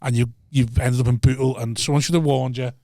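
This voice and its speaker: A man's voice: mid-range voice, flat delivery, fast talker, dark tone, no echo, clean studio sound. A man with a Liverpool accent, a podcast guest telling laid-back stories in casual chat and swearing freely.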